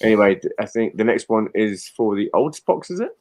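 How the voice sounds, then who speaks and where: A man's voice: fairly low pitch, very animated, brisk, darkish tone. A man hosting a casual quiz chat, reading quotes aloud in an upbeat way. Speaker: quiz host.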